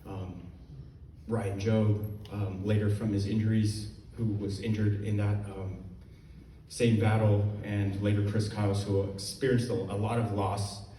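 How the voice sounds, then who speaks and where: Man, low monotone voice, hesitant fillers, echoey distant recording. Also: a little slow. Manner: hesitant, many fillers, choked up. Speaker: veteran speaker. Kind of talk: personal testimony. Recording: echoey room, distant mic, faint noise.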